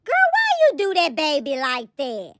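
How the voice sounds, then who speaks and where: A woman's voice: high-pitched, huge pitch swings, normal speed, a bit bright, pitched above the performer's own voice, heavily acted. A woman voicing a group of shocked young women friends, scolding in squealing exclamations. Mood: scandalized.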